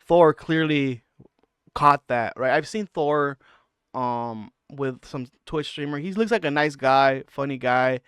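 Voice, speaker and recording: A man's voice: mid-range voice, takes it slowly, a bit bright, clear, resonant tone, no room sound, studio quality. A man hosting a reaction channel, giving blunt, mocking casual commentary and acting out quotes.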